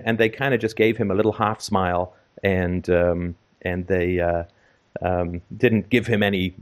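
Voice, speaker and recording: A middle-aged man from Canada tells a story in casual conversation. His voice sits a little low, and he rambles along with fillers and restarts. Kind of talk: casual anecdote.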